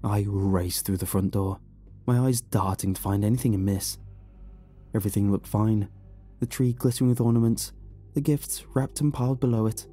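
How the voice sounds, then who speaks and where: A man narrating a horror story in an expressive, dramatic reading. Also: lowish voice, moderate pace. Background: faint music.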